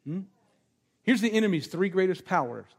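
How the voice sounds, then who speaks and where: A man's voice: sits high, lively intonation, moderate pace, slightly rough, in a large hall. A man preaching a sermon to a congregation, praying and ministering with an emphatic, repetitive cadence. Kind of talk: sermon with prayer and prophetic ministry. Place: meeting room with a gathered congregation.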